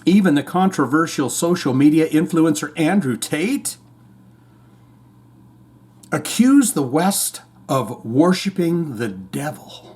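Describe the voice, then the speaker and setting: Man, podcast host, fairly high voice, rambling, irreverent, swears a lot. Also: very animated, slow pace, darkish tone, husky. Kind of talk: casual news commentary.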